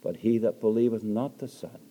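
An older man preaching an evangelistic sermon, swinging from loud emphatic lines to soft hushed storytelling. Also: fairly low pitch, moderate pace.

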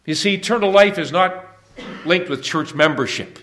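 A man's voice: a little high, moderate pace, fairly bright tone. A man preaching an evangelistic sermon at a church meeting, earnest and urging, with emphatic questions to the listeners.

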